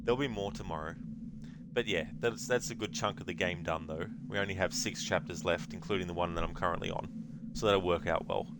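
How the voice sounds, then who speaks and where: A man's voice: deep voice, fairly quick, very noisy. A man streaming a game, joking around and chatting with his viewers. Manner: joking, chatty, reads chat aloud. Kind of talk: casual stream commentary.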